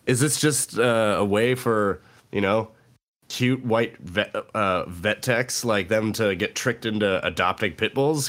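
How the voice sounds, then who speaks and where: A man's voice: lowish voice, fairly bright tone. A man co-hosting a podcast, telling a funny story in casual chat, laughing often and jumping into quoted voices. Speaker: podcast co-host.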